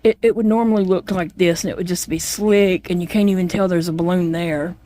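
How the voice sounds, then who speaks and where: A woman's voice: on the low side, fairly even intonation, brisk, warm tone. A middle-aged woman, telling her own story in a casual vlog chat, plainspoken and rambling with many fillers. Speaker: chronic illness vlogger.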